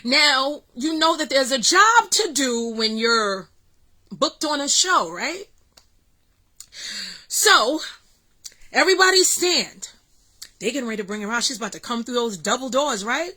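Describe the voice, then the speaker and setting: Excited, bright-voiced woman telling a story. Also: high-pitched, a little slow, long pauses, low-quality recording. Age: middle-aged. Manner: excited, animated storytelling with fillers. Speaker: vlog host. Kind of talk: casual storytelling vlog.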